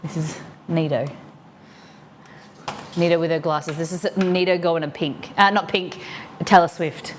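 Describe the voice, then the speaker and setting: Speaking into a streaming mic with slight background noise, a woman with a deep voice hosts a live cooking stream. Her intonation is fairly even, her pace measured, with long pauses, as she chats casually, answers viewers, and reads a recipe aloud while cooking.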